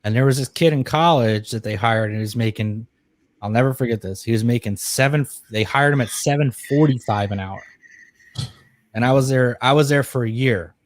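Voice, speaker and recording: A man's voice: mid-range voice, normal speed, dry recording. A man in his forties co-hosting a podcast, telling stories in casual chat and acting out the people he quotes. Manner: animated storyteller, acts out quotes. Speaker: podcast co-host. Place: podcast studio.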